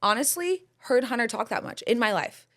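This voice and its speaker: A woman in her thirties hosts a podcast, telling a story in a candid, rambling way full of fillers and laughter. Her voice sits on the high side and is expressive and a bit bright, and she talks fairly quickly in this casual storytelling chat.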